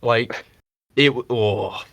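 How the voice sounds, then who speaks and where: A man co-hosting a casual podcast, rambling and swearing freely as he mocks people with quick impressions. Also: mid-range voice, a bit bright, no room sound. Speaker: podcast co-host. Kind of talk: casual chat.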